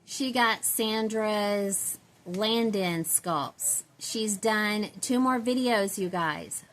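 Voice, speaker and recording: A woman's voice: mid-range voice, very slow. A woman from Central Texas, chatting casually and rambling to her viewers, laughing often. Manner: rambling, chatty, laughs often, self-described country girl. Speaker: doll-collecting vlogger.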